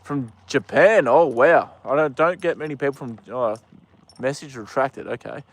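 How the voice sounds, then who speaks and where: A man's voice: mid-range voice, moderate pace. A young Australian man chatting casually on a live stream outdoors, rambling with lots of ums and uhs. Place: outdoors with a horse.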